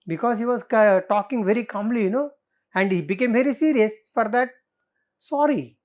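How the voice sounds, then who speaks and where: A woman's voice: on the high side, normal speed, a little mellow. A woman teacher with an Indian English accent explaining a play line by line in a literature lesson. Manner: explanatory, reads scenes aloud and comments.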